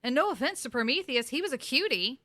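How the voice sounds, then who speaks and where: A woman podcast host recapping a TV episode in casual chat, animated, laughing often and slipping into impressions. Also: high voice, quick pace.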